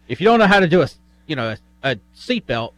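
Radio co-host, halting storyteller with a slightly high voice, close dry studio mic. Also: male voice, very animated, fairly bright tone, no echo. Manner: halting, searches for words, storytelling. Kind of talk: casual talk radio banter.

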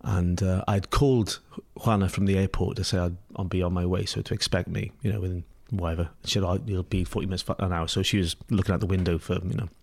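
Scottish man, middle-aged, low voice, rambling and laughing, interview guest. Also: fairly even intonation, quick pace, vocal fry, few pauses, darkish tone. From Scotland. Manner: rambling, laughs often, many restarts and fillers. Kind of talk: casual storytelling.

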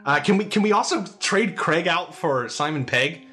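An American man hosting a podcast, bantering and joking in quick, lively casual chat. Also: a little high, faint music behind. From United States. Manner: jokey, animated, quick banter. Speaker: podcast host.

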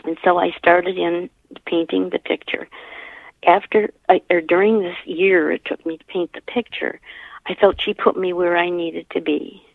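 An older woman telling a personal story in an earnest, halting way, often restarting her sentences. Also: fairly low pitch, steady tone, gravelly, no room sound. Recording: tinny phone line.

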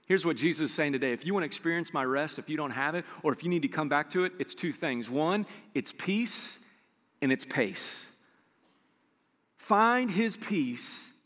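A man preaching a sermon as pastor, animated and acting out his listeners' replies. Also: on the high side, in a large hall.

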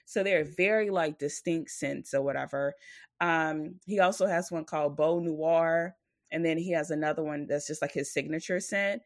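Low-voiced rambling woman co-host. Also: normal speed, no echo, clean studio sound. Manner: rambling, filler-heavy, with frequent "like" and "or whatever"; blunt and profane when ranting. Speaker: podcast co-host. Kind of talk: casual chat.

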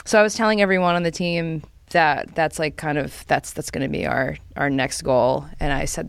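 A young woman co-hosting a podcast, chatting casually and telling animated stories, acting out quotes with quick laughs. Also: sits low, vocal fry, smooth, dry recording. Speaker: podcast co-host. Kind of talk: casual chat.

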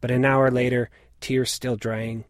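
A man in his late forties reading a reflective personal story in a measured, scripted narration. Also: medium pitch, flat delivery, no echo, clean studio sound. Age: late 40s.

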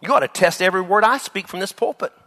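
Animated, high-voiced preacher man. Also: quick pace. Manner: animated, acts out Bible dialogue with laughs. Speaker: pastor. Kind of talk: sermon.

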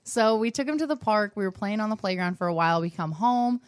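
A woman's voice: mid-range voice, quick pace, no echo, clean studio sound. Chatty young woman telling a story. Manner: animated, laughing, lots of likes and fillers. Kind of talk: casual storytelling chat.

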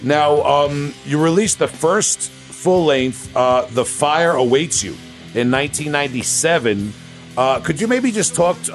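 A podcast host leads the interview in a friendly, halting way, filling pauses with ums. His voice sits at an ordinary middle pitch, and faint music plays under it. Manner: friendly, hesitant with many ums. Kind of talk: casual interview.

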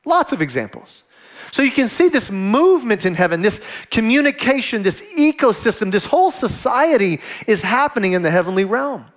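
A man preaching a sermon as pastor, acting out quoted dialogue with lively delivery. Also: high-pitched, a little fast.

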